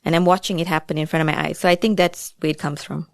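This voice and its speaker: A woman's voice: low voice, steady tone, fast, gravelly, no echo, clean studio sound. A woman with a South African accent, a guest author talking through her thoughts in a chatty, reflective way. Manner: reflective, chatty, many asides. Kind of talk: casual podcast interview.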